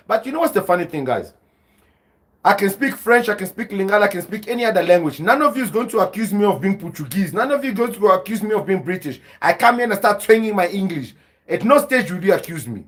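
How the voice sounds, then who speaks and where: A man's voice: sits high, fast talker. A South African man hosting a livestream podcast, talking animatedly to his viewers and reading their chat. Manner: animated, laughing, addresses viewers as guys. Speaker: podcast host.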